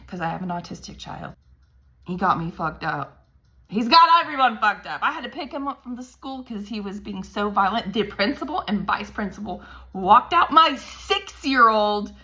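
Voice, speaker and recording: A worn-out woman in her thirties talks straight to camera in a candid vlog. Her voice is bright and forward, and she swears freely, cracking dark jokes to cope. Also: medium pitch, expressive, moderate pace. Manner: profane, darkly humorous, venting. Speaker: parent vlogger.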